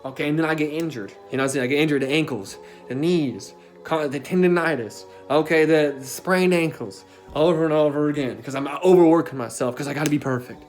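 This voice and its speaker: A man's voice: fairly high pitch, fairly quick, soft background music. A young man telling a personal story in a casual, emphatic way, as a self-development coach. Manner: casual and emphatic, with frequent filler tags and swearing.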